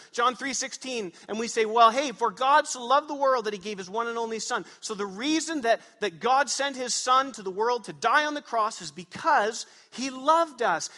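High, bright-voiced preaching pastor, man. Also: in a large hall. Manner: emphatic preaching with rhetorical questions to the congregation. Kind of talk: sermon. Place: church sanctuary.

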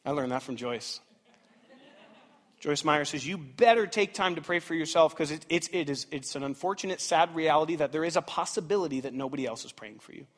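A man in his thirties preaching a sermon as pastor, animated and dramatic, swinging between loud outbursts and hushed asides. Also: on the high side, fairly quick. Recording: reverberant church hall.

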